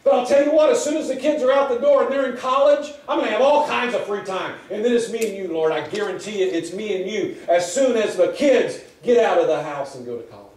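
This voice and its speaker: Pastor, male, high voice, casual repetitive storytelling, distant mic. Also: fast talker, hardly any pauses, darkish tone. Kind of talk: sermon. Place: church sanctuary. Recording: echoey hall from far off.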